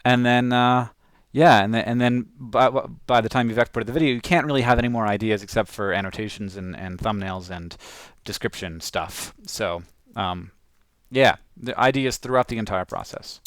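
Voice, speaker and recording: A man's voice: on the low side, normal speed, smooth, dry recording. A man casually talking through his own video edit, rambling with lots of fillers and restarts. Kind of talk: casual talk-through while editing.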